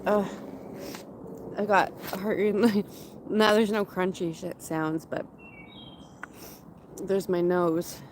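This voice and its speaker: A woman in her thirties from Canada, casually chatting with her livestream viewers in a slow, rambling way, with a runny nose. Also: medium pitch, little pitch movement, slight background noise. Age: 30s. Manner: slow, rambling and chatty, with frequent fillers and laughs. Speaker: livestream host. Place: outdoors in a forest area.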